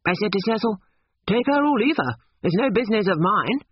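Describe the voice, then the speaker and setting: A man's voice: high voice, very animated, brisk, dull audio, slight background noise, pitched above the performer's own voice. A man reading an audiobook, voicing a sulky, blunt young man who grumbles at his mother.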